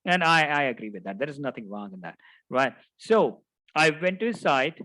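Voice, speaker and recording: A middle-aged man teaching a class in an anecdotal lecture style, checking in with his listeners by adding "right?" again and again. His voice sits at an ordinary middle pitch. It is recorded dry and close, with no room echo. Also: sing-song, normal speed, bright, forceful tone. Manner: anecdotal, tags sentences with "right?". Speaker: project management instructor. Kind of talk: storytelling lecture.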